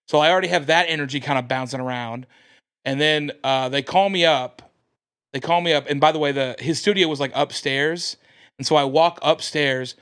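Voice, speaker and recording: American comedian guy telling a story on a podcast, kinda high voice, does little voices for people. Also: normal speed, clean tone. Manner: animated, acts out quoted voices. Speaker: comedian guest.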